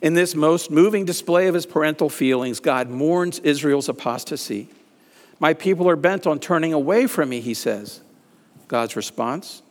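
A man's voice: medium pitch, unhurried. A man preaching a sermon, reading scripture aloud with rising emphasis on the pleading lines. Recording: reverberant hall.

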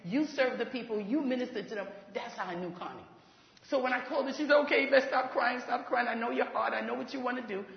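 Brisk woman ministry leader, animated testimony with laughs, heard in a big echoing hall. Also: a little high, creaky. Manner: animated, laughs while talking, acts out quoted voices. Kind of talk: testimony storytelling. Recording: echoey hall, dull lo-fi sound.

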